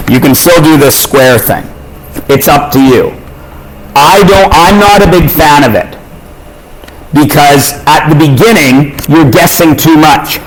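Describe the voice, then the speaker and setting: A man teaching a math lesson, with a voice pitched a little high. He talks to his students in a relaxed, informal way and often stops to check that they follow. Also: slight background noise, low-quality recording. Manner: informal, checks in with tag questions. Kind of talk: classroom lecture.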